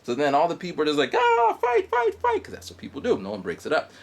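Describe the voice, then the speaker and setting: A man in his forties rambling through a story on his video blog. His pitch leaps up and down as he talks. He stops and restarts often, fills the gaps with ums, and adds mouth sound effects. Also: animated, very fast. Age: 40s. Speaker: vlogger. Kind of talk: rambling monologue. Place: guest house in Japan.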